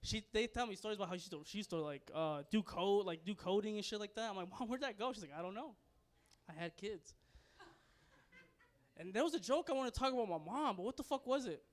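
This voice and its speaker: Young man, stand-up comic, high smooth voice, crude rambling delivery, laughs at own jokes. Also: animated, quick pace. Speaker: stand-up comedian. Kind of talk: stand-up comedy set. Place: comedy club stage.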